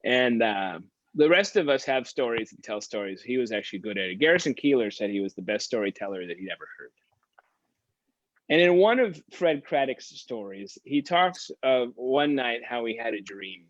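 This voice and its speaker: A man's voice: mid-range voice, expressive, moderate pace, no room sound, highs cut off. A man, a pastor, teaching a Bible study in a conversational storytelling way.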